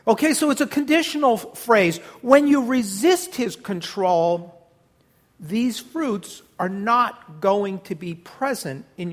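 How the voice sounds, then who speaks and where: Pastor preaching in church, emphatic, gets the congregation repeating lines back. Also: mid-range voice. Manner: emphatic, leads congregation in call-and-response. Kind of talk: sermon.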